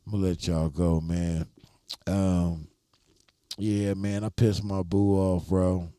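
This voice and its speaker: Deep dark-voiced guy rambling on his stream, chill and cussing, dry close sound. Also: level tone, slow pace, dry recording. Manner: laid-back, rambling, profane. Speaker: live streamer. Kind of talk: casual live-stream chat.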